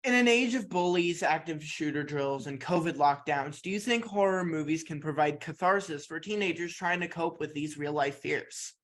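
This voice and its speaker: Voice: medium pitch, moderate pace, few pauses. A podcast host and interviewer who reads out a prepared biography of the guest and then asks questions.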